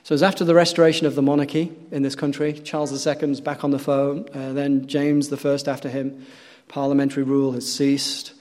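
A man's voice: mid-range voice, level tone, brisk. Man preaching in a reverberant church. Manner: earnest storytelling, rising to loud emphatic peaks and dropping to quiet. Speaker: pastor. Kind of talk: sermon. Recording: long hall reverb.

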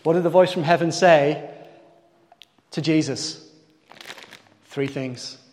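A man's voice: on the high side, takes it slowly, a little mellow. Man preaching in a reverberant hall. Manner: asks the congregation questions, calls on people by name. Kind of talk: sermon.

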